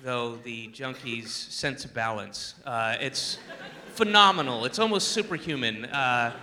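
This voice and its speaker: A man's voice: medium pitch, measured pace, a little hiss or hum. A man doing a stand-up comedy routine, rambling and interrupting himself. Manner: rambling, self-interrupting, animated.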